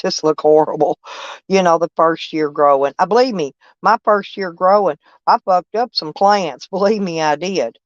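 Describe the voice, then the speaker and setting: A woman's voice: low voice, smooth, no echo. Older lady rambling on a live stream from her camper, folksy, cusses a lot, muffled dry audio. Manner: rambling, folksy, blunt, with frequent swearing. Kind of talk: casual live chat with viewers.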